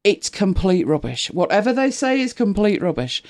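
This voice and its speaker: A middle-aged woman hosts a casual live stream and chats freely with her viewers. Her pitch swings widely, rising and dipping as she talks. She laughs often and greets people by name while she hunts for pictures. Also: sing-song, moderate pace, darkish tone.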